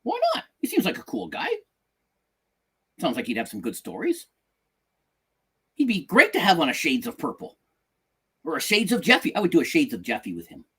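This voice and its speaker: Joking middle-aged man, lively, husky. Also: fairly high pitch, moderate pace, pauses often. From outside the United States. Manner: joking, repeats himself. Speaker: podcast co-host. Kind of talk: casual chat.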